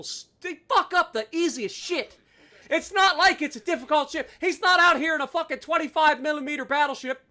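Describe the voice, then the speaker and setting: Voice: sits high, bright, forceful tone. A livestreamer giving live gameplay commentary, ranting at teammates with constant swearing, heavy sarcasm and asides to the chat. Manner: angry, profane ranting at teammates; talks to the chat.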